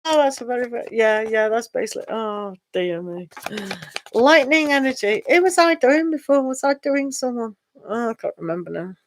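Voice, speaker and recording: A middle-aged Englishwoman with a fairly high, expressive voice and a British accent. She's a tarot reader chatting casually with her live-stream viewers, talking slowly and drawing out her words, often sighing and laughing.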